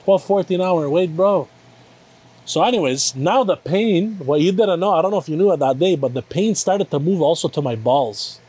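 Man with a somewhat high voice, rowdy animated storyteller for a podcast. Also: moderate pace, husky. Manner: animated, profane storytelling with acted-out quotes. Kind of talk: casual chat.

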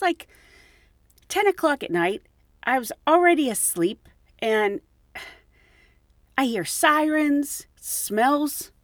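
A woman who works for an airline, telling an anecdote in an expressive, laughing way. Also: medium pitch, vocal fry, no echo, studio quality. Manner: lively, expressive, laughs while talking. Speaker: airline crew member telling stories. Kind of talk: casual storytelling.

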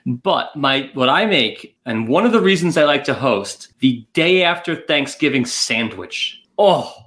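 Animated joking male podcast co-host. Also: medium pitch, a little slow. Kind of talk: casual comedic banter.

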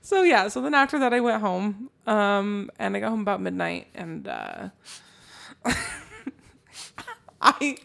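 A woman's voice: mid-range voice, huge pitch swings, measured pace, vocal fry, pauses often, fairly bright tone. A woman co-hosting a podcast, telling a story in casual chat, swearing freely, laughing often and poking fun at herself. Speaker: podcast co-host.

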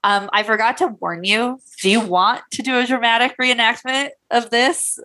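A woman's voice: on the high side, fairly even intonation, normal speed, pushed and bright. A woman with an English accent, co-hosting and telling a story in a casual, chatty way, with plenty of fillers. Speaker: podcast co-host.

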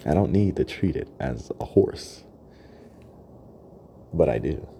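A young man with a very deep, dark voice and a gravelly edge talks through a loose solo podcast monologue. He rambles reflectively, laughs easily and keeps asking "right?" A faint hiss sits under the voice. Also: lively intonation, slow. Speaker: podcast host. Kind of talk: freestyle monologue.

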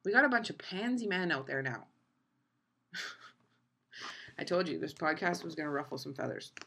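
A woman's voice: low-pitched, animated, moderate pace, vocal fry, pushed and bright, slightly rough. A young woman hosting a podcast, ranting bluntly and casually with plenty of swearing. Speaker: podcast host. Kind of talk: casual monologue.

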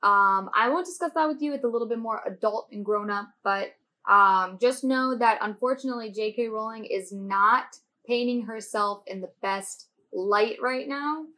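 A young woman with a slightly high voice hosts a relaxed podcast with her siblings. She talks in a chatty, easygoing way, asks them questions and cheers them on. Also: normal speed. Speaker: podcast host. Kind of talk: casual chat.

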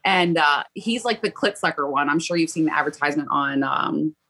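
A woman's voice: sits low, a little fast, pushed and bright, breathy edge, rough recording. A middle-aged woman, a podcast host appearing as a guest, telling candid stories in a blunt, profane, laughing way. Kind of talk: candid casual interview talk.

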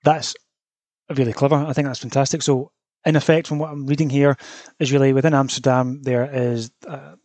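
A man's voice: mid-range voice, darkish tone, no room sound. A man hosting a casual solo smart-home news roundup in a chatty, informal way, now and then swearing. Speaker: podcast host.

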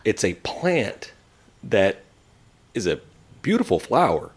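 A man's voice: fairly low pitch, slow pace, husky. A man in his thirties telling a story in casual podcast chat, acting out the people in it. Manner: animated storyteller acting out quoted voices. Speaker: podcast co-host.

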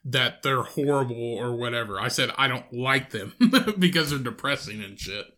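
A man's voice: medium pitch, moderate pace, sharp tone. A young man co-hosting a podcast, talking bluntly with lots of swearing and grumbling. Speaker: podcast co-host. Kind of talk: crude casual banter.

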